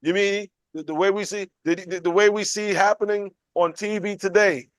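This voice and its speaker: At a moderate pace and with a clear, resonant tone, a man leads a Bible class as a conversational sermon with call and response. He asks questions and acts out quotes playfully, his pitch jumping, in an animated style. The recording is dry.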